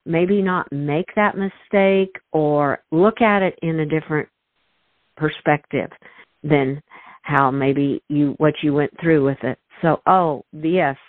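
Over a tinny phone line, a woman hosts a podcast interview, effusive and emotional, frequently restarting her sentences. Her voice sits low with fairly even intonation, and she speaks slowly in a dry recording.

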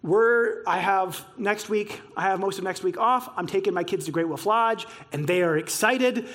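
High-voiced, excitable man preaching. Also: moderate pace. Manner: excitable storytelling, acts out dialogue. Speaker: pastor. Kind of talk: sermon.

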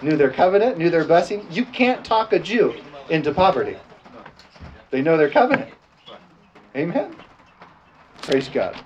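A man's voice: a little high, big pitch swings, moderate pace, long pauses, muffled recording. A man preaching a sermon and leading communion prayer, drawing out scripture words and calling for responses. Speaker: pastor.

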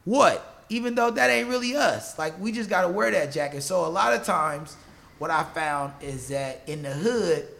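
A man's voice: a little high, normal speed, vocal fry. A man in his forties, a gym owner and Muay Thai trainer, telling stories as a podcast guest with lots of laughter. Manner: animated, laughing storyteller.

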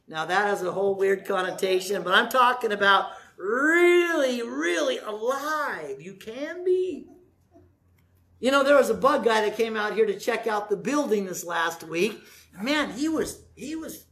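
A man's voice: sits high, expressive, a little slow, gravelly, sharp tone. A man in his sixties, a pastor preaching a sermon in a folksy, joking, conversational way. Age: 60s.

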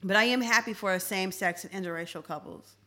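A young woman chats as a podcast co-host in a relaxed, slangy way. She stretches words out for emphasis, and her voice sits at an ordinary mid pitch. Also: fast. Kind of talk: casual chat.

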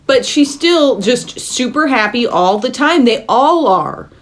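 Lively, high-voiced woman podcast co-host. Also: a little slow. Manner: animated, sardonic, laughs while talking. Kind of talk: casual movie chat.

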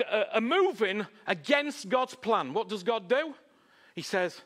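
A man preaching a sermon, repeating phrases and asking the crowd "Huh?", swinging between loud, raised lines and low, hushed ones. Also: expressive, measured pace.

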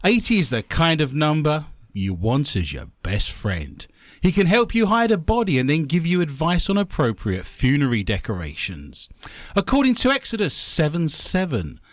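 A man's voice: fairly high pitch, dry recording. A man hosting a comedy quiz show and reading listener mail, with a dry joking delivery and laughing at his own gags.

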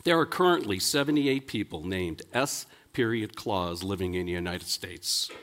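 A man's voice: low voice, expressive, moderate pace, fairly bright tone. A man, a pastor, giving a folksy sermon full of jokes and stories, talking in a chatty way with many "you know"s. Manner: chatty, leans on "you know" between thoughts; playful, builds toward punchlines.

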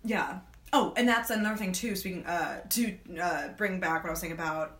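A woman co-hosting a podcast in casual chat, animated and laughing, acting out lines from a book and movie. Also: lowish voice, fairly quick, echoey room. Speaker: podcast co-host.

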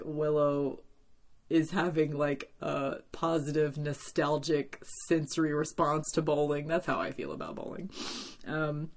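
A woman talking casually as a podcast host, recapping a TV episode with lots of fillers and animated asides. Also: low voice.

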